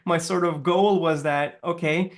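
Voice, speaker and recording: A man with a fairly high voice talks in a relaxed interview over a video call. He rambles, restarts his sentences and laughs often as he explains things. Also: measured pace. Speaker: guest, language consultant. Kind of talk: casual interview chat.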